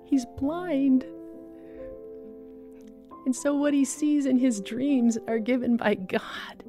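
A woman telling a personal faith story as a guest, earnest, with pauses and restarts. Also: high voice, fairly even intonation, mellow, soft background music.

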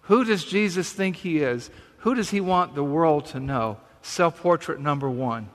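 A man's voice: on the high side, lively intonation, moderate pace, hardly any pauses, fairly bright tone, long reverb tail. A man preaching a sermon, reading scripture and then explaining it in a conversational way with questions to the listeners. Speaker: pastor.

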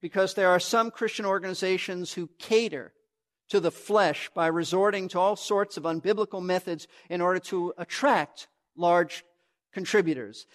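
A pastor preaching a sermon to his church, earnest and emphatic, often restarting a phrase as he teaches. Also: high voice.

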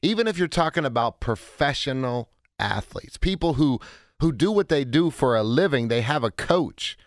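A man in his forties hosting a call-in radio show, talking in an energetic, chatty way with a hoarse, cracking voice. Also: mid-range voice, moderate pace, no room sound, clean studio sound. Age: 40s. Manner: energetic, chatty, self-interrupting. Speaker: radio talk show host.

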